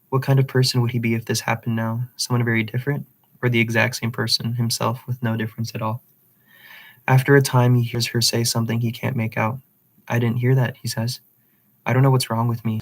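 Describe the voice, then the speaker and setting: A man reading a literary novel aloud, with occasional slips and restarts. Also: mid-range voice. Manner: reads dialogue plainly, with slips and restarts. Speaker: reader.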